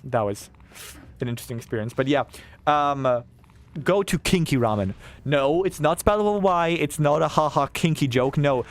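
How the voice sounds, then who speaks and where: A young man, chatting casually and ranting excitedly to his chat while streaming a game, swearing freely. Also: medium pitch, a little hiss or hum.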